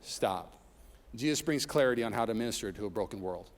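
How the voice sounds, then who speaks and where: Pastor preaching in an echoing hall. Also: male voice, lowish voice, expressive, a little fast. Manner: preaches with rising intensity, tells personal stories with humor. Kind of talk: sermon. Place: church sanctuary. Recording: long reverb of a large hall.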